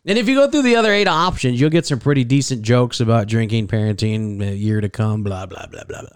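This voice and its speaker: A man's voice: mid-range voice, lively intonation, a little fast, smooth, no room sound, studio quality. A man from the American Midwest co-hosting a casual podcast, telling a rambling story and getting flustered when teased. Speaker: podcast co-host. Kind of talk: casual chat.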